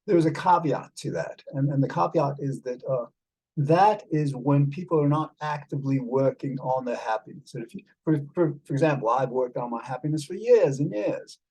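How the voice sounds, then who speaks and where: A man's voice: mid-range voice, moderate pace, dark tone, slightly rough, poor audio. A man speaking in a put-on British accent, chatting casually and rambling with many fillers while calling his listener mate, over a video call. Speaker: show host talking with an AI companion. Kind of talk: casual chat.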